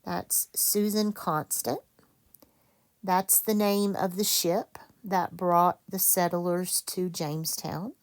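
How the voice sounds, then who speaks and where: A woman teaches a children's reading lesson, talking at an unhurried pace. Her voice sits fairly low and has a gravelly fry to it. She is patient and stops to correct her own slips. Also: steady tone. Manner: slow, patient, self-correcting.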